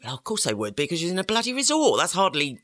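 A man co-hosting a relaxed podcast, talking in a jokey, chatty way. His voice sits fairly high and sounds bright. His intonation swings widely and animatedly. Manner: chatty, jokey, quick to laugh. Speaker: podcast co-host, guesthouse owner. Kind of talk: casual chat.

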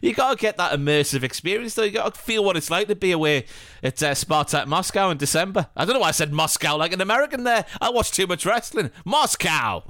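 A man's voice: high voice, expressive, fast talker, a bit bright, no room sound, studio quality. A young adult man co-hosting a podcast in casual, jokey, self-deprecating banter. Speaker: podcast co-host. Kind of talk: casual chat.

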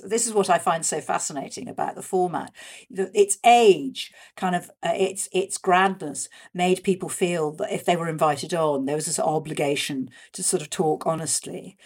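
A woman speaking as an interview guest, chatty and animated, with many fillers and restarts. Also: fairly low pitch. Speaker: guest discussing a radio show's history. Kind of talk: conversational interview.

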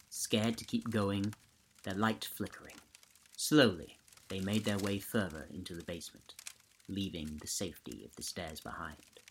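A man hosting a podcast, reading a ghost story aloud in a steady, measured way. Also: on the low side, slight background noise, low-quality recording. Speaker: podcast host and narrator.

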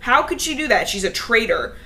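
A woman's voice: a little high, very animated, fairly quick, sharp tone. A young woman co-hosting a podcast, recapping a book in casual chat, laughing often and swearing casually.

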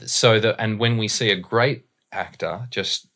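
Bright-voiced Australian voice coach. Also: male voice, lowish voice, a little slow. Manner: thoughtful, explanatory, uses images and examples. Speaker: voice and dialect coach. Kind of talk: podcast interview.

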